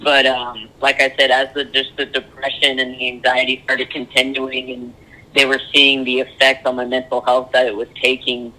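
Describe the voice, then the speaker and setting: A young man sharing his story as a podcast guest, earnest and halting, with frequent ums. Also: medium pitch, completely flat delivery, bright, forceful tone, rough recording. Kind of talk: candid personal interview.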